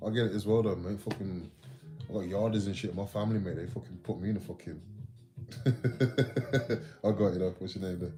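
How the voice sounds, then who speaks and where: Sweary bloke from the with music behind. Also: male voice, deep voice, fairly even intonation, fast, mellow, low-quality recording. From England. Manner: sweary, slangy banter. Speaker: livestream host. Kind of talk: casual livestream chat with viewers.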